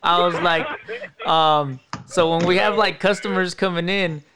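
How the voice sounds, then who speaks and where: A man co-hosting a podcast, telling animated anecdotes with frequent laughter in casual chat. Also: high-pitched, measured pace, crowd noise. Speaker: podcast co-host. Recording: podcast audio with clear background noise.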